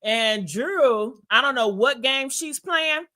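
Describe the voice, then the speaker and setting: Sassy high bright-voiced woman gossiping. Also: animated, slow. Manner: sassy, messy, laughs at herself, talks to viewers. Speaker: host. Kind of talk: casual celebrity gossip livestream.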